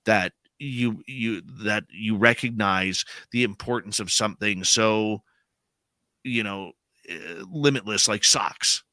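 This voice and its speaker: A man's voice: on the low side, slow, dry recording. A middle-aged man, a radio host, telling a personal story in casual chat and acting out the quotes. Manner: animated storyteller, acts out quotes.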